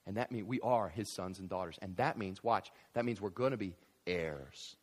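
A man in his thirties, a pastor preaching a sermon in an animated, conversational way, with asides and fillers. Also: moderate pace. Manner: animated preaching with big swings in loudness and pitch. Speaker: visiting pastor.

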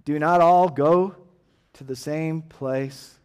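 A middle-aged man preaching a sermon, earnest, dropping to a hushed tone and then rising to emphatic calls for an amen. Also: a little high, steady tone, slow, clear, resonant tone, muffled recording. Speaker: pastor.

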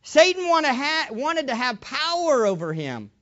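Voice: sits high, very animated, moderate pace, fairly bright tone. Preacher giving a sermon, emphatic, lots of rhetorical questions, bit muffled.

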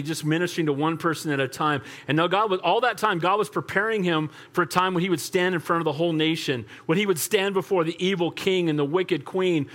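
Preaching a sermon, an older man of the cloth speaks in a high voice that rises and falls widely. He tells his points like stories, animated and rhetorical, and keeps asking the congregation for an amen.

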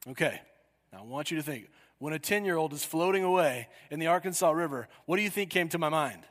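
A man preaching a sermon, telling a story with sudden loud cries. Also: on the high side, lively intonation, quick pace, long reverb tail.

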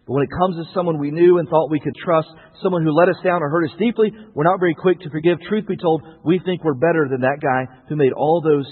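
A man preaching a sermon, swelling to emphatic peaks and dropping to quiet asides, with a husky voice. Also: fairly high pitch. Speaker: pastor. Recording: tinny phone-like radio broadcast with long reverb.

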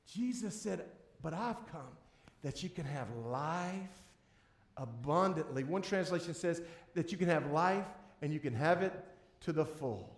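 Male pastor, sermon voice, high-pitched and emphatic, repeats key words, recorded in a reverberant sanctuary. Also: expressive, measured pace. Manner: emphatic, swings between loud and hushed. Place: church sanctuary before a congregation. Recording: echoey room.

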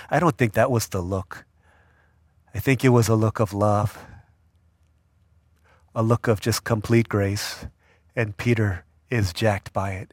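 A man's voice: on the low side, dry recording, clean studio sound. A man preaching a casual sermon, telling the story with slang and acting out the people in it. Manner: animated storyteller acting out voices. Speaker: youth pastor.

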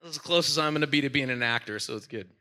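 A man who is a senior pastor, preaching a sermon in a church with animated, playful storytelling. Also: mid-range voice, racing.

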